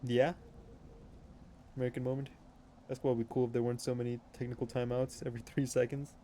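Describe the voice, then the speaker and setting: A man's voice: mid-range voice, flat delivery, fast talker, dark tone, slight background noise. A young man streaming a game, chatting casually with viewers in a joking, offhand way and laughing often. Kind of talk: casual chat reading viewer messages.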